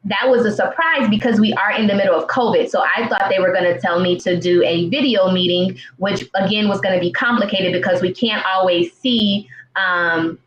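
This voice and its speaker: A woman's voice: medium pitch, normal speed, muffled recording. Earnest woman in her thirties, roomy live-stream audio. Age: 30s. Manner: earnest, heartfelt storytelling with many fillers and restarts. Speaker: patient sharing her story as a guest. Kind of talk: personal story in a live-stream interview. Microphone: video call.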